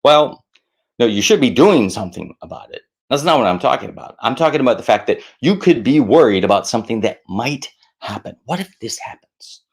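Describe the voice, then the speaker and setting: A middle-aged man gives friendly advice on worry and stress, his voice gravelly and rising and falling with lively swings. He acts out anxious inner voices in a higher pitch and slips in self-mocking asides. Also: fast talker, few pauses. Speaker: stress management speaker. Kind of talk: casual advice talk to camera.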